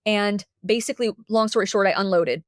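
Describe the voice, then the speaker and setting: A woman from Texas, a podcast guest, telling a personal story candidly and lively, acting out what people said. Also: mid-range voice, a little fast, no room sound, clean studio sound. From Dallas, Texas. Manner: candid, animated, acts out the quotes.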